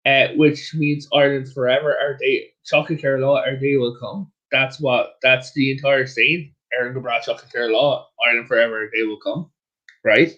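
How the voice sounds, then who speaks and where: A man guest chatting casually about history, telling his stories in an animated way with chatty asides. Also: medium pitch, moderate pace. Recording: muffled lo-fi audio.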